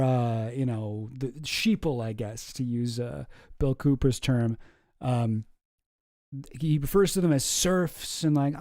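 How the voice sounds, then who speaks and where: Laid-back man with a mellow voice. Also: a little high, dry recording, studio quality. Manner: laid-back rambling with many fillers. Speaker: streamer reacting to clips. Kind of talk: casual commentary.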